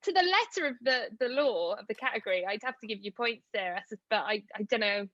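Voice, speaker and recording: A Welsh woman hosting a live comedy panel show, teasing the guests and handing out points in brisk banter. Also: on the high side, expressive, a bit bright, dull audio.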